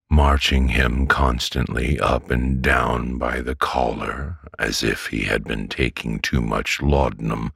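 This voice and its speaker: A man reading a classic novel aloud as a calm, unhurried bedtime story. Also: extremely low pitch, vocal fry, breathy edge, no echo, clean studio sound. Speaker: audiobook reader.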